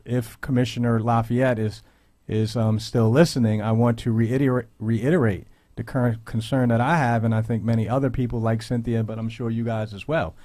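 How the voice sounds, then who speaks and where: A man hosting a radio talk show, speaking in a measured, earnest way with frequent pauses and "um"s. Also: medium pitch, steady tone, mellow, dry recording. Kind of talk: radio commentary. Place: radio studio.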